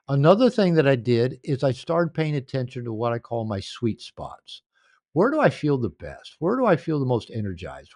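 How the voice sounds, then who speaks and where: A man's voice: mid-range voice, a little mellow, dry recording, studio quality. An older man telling stories in a podcast interview, rambling and anecdotal, recorded at home. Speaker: author and coach.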